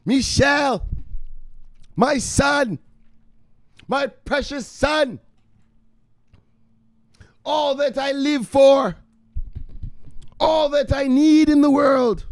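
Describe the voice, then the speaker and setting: A man voicing a doting mother who nags her grown son for staying downstairs, in a pleading, sing-song, drawn-out way. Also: extremely high pitch, vocal fry, no room sound, voice pushed up, full character voice.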